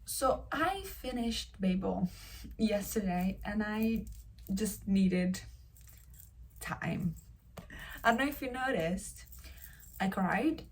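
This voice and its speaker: A young woman in her twenties chatting casually about books she is reading, animated and openly emotional. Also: medium pitch, takes it slowly, pauses often, a little hiss or hum. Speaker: book vlogger. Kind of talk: casual chat.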